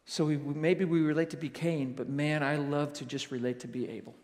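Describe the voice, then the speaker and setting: Animated man preaching in a chapel. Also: a little high, brisk. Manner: animated, acts out quoted voices, addresses listeners as "you guys". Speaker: chapel speaker. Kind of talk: school chapel sermon. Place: school chapel. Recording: long hall reverb.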